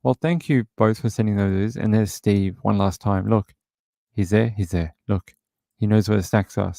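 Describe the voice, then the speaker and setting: A man's voice: on the low side, normal speed, vocal fry, warm tone, no room sound, studio quality. A man hosting a livestream, casually chatting and rambling with many filler words as he reads out viewer comments. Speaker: livestream host.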